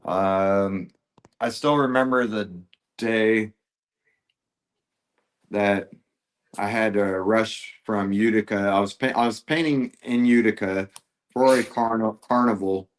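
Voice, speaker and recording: A man with a fairly low voice speaks on a podcast as a guest. He tells a story casually and haltingly, breaking off and restarting. His words come through a close podcast mic. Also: steady tone. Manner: halting, full of fillers and restarts. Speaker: guest, airbrush artist.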